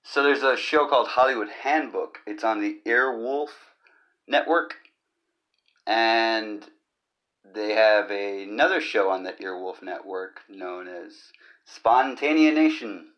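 A man's voice: on the low side, slow, sharp tone, muffled recording. A man hosting his own comedy podcast, talking in a rambling, awkward, jokey monologue. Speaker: podcast host. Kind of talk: casual comic monologue.

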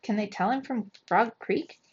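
A woman's voice: fairly high pitch, measured pace, breathy edge. A woman reading aloud, giving a curious young boy's puzzled, wondering questions in a lo-fi recording. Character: curious young boy at a ballgame. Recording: dull lo-fi recording.

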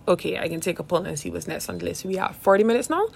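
A woman's voice: lowish voice, big pitch swings, racing, vocal fry, few pauses, a little hiss or hum. A woman hosting a podcast, chatting casually in a rambling, profane way, often laughing and calling the listener "dog.". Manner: laughs often while talking. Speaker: podcast host. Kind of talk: casual chat.

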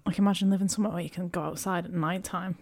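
A woman's voice: fairly low pitch, steady tone, darkish tone. Giggly woman chatting casually on a podcast. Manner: chatty, giggly, quick asides. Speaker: podcast co-host. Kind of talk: casual watch-along chat.

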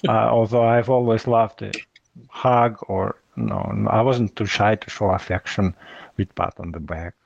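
A man's voice: fairly low pitch, fairly even intonation, unhurried, creaky, no echo. A man talking as a podcast guest, hesitant and full of uhs and ums. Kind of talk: casual conversation. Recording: dry, muffled lo-fi audio.

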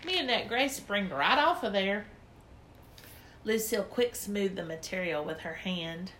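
A woman's voice: medium pitch, unhurried, fairly bright tone. A woman narrating a children's story in first person, in a chatty, childlike little-girl voice. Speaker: audiobook narrator.

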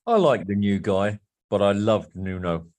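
Here the Wolverhampton-born frontman sounds fairly low and darkish, with lively intonation at a moderate pace. Chatting as a podcast guest in a casual interview, he rambles candidly and tends to say things more than once.

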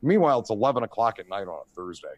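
Lively, swearing middle-aged male storyteller. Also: on the low side, rapid-fire, dry recording, dull audio. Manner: animated storyteller, swearing, lots of "you know what I mean". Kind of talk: casual chat.

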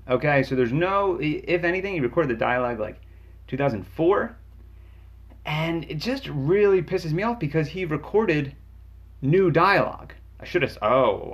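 A man ranting about a video game in an angry, sarcastic, profane comedic way, jumping in pitch for emphasis. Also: creaky, breathy edge. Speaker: game reviewer. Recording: dull lo-fi sound.

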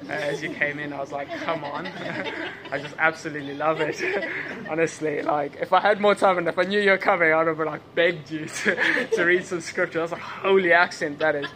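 A man's voice: fairly high pitch, lively intonation, normal speed, crowd noise. A man preaching a sermon in a church service, with English as his second language, asking repeated questions and laughing at his own asides. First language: not English.

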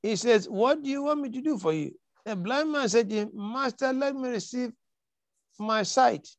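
A man with a high voice preaches with emphatic force. He repeats key lines for weight and acts out the scripture quotes. The sound is dry and close. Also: animated, moderate pace, no echo. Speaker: pastor. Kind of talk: sermon.

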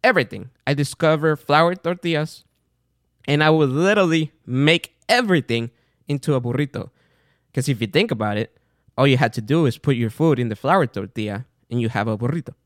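Man, casual host monologue, mid-pitched, animated storytelling, dry close recording. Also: a little fast, dry recording. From outside the United States. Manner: animated, chatty, with fillers and retold dialogue. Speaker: podcast host.

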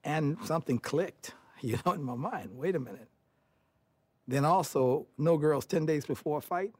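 Older man, from Detroit USA, interview storytelling, chuckling, acts out dialogue, husky voice, dry close sound. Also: fairly high pitch, normal speed, no room sound. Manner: animated storyteller who chuckles as he talks and acts out family dialogue.

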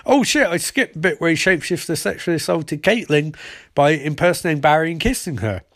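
A man's voice: a little high, expressive, fairly quick, a bit bright, dry recording, clean studio sound. A man recapping and reviewing a TV episode in a casual, rambling way, sarcastic and full of swearing. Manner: sarcastic and profane, loose rambling delivery.

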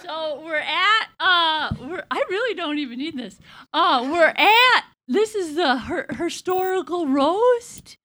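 Giggly high-voiced woman doing a roast, as a comedian plays a 1950s comedy star. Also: lively intonation, slow, sharp tone, heavily acted. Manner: giggly, rambling, self-deprecating. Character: comedic take on a famous 1950s female comedian. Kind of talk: live comedy roast set.

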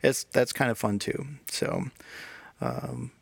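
A man's voice: on the low side, big pitch swings, takes it slowly, gravelly, no room sound. A man guesting on a podcast, talking casually in a rambling way with many restarts. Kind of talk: casual chat.

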